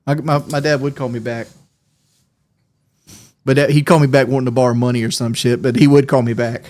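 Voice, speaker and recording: A man's voice: mid-range voice, fairly even intonation, fairly quick, darkish tone. A man streaming a game, chatting casually in a rambling, profane way and often laughing. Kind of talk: casual livestream chat.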